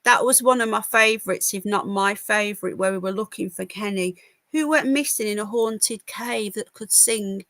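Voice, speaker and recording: A British woman with a medium-pitched, fairly bright voice hosts a casual livestream from home at a moderate pace, with no echo. Chatty and wry, she reads news aloud and answers chat comments, tossing in asides and stumbling over words as she reads.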